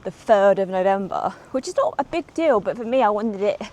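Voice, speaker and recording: Walking and talking through the city outdoors and on transit, a woman vlogs a little fast in an expressive, medium-pitched, slightly mellow voice. She's a bit winded, chatty, and rambling, full of ums, picked up by a small clip-on mic.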